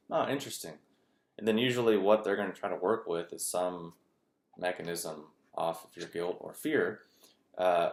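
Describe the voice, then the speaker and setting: A man's voice: low-pitched, creaky. A man talking in a casual, rambling monologue with lots of fillers. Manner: rambling, filler-heavy, conversational. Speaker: video host. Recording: echoey room.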